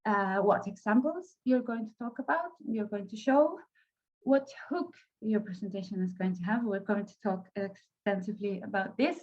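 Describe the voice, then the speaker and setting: Spanish woman trainer, mid pitch, hesitant delivery, muffled audio. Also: slight background noise. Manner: halting, many fillers and restarts. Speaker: workshop trainer. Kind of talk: online training workshop.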